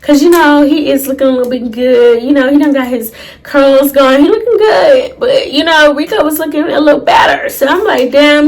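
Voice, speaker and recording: Young woman, high voice; casual, dramatic storyteller who talks straight to viewers. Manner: animated, profane, dramatic retelling with asides to viewers. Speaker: storytime YouTuber.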